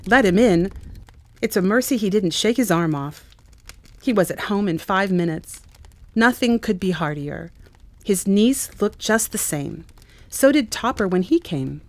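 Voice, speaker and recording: A woman's voice: mid-range voice, expressive, measured pace, no room sound. A woman narrating a classic story expressively in a dramatic reading at a church event. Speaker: reader.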